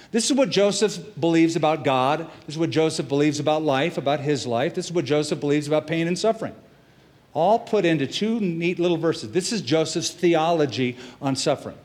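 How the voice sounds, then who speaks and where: A middle-aged man delivers a sermon with a voice a little higher than most men's. He tells the story in an animated way, slipping into the characters' words with lively jumps in pitch and loudness. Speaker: pastor.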